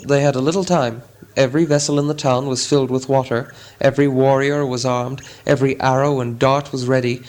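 A man reading a storybook chapter aloud as a narrator, in a measured, dramatic way. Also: medium pitch, rough recording. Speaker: audiobook narrator. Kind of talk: scripted narration.

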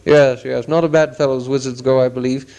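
A man reading a storybook aloud, voicing a huge, gruff, bearded male hermit who growls his words. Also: mid-range voice, steady tone, fairly quick, mellow, close to an everyday voice, poor audio.

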